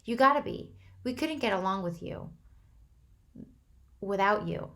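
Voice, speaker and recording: A woman's voice: fairly low pitch, steady tone, normal speed, close to an everyday voice. A woman voicing a tough teen boy holding it together. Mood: reassuring. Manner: firm, controlled reassurance. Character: tough teenage boy forcing himself to sound calm.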